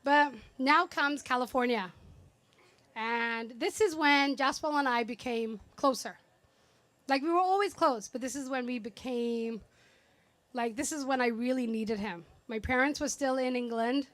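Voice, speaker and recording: Woman, 30s, sister's birthday toast, chatty and affectionate, slightly high, dry. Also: a little slow, a bit bright, no room sound. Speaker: younger sister giving a birthday speech. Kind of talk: heartfelt party speech. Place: party venue.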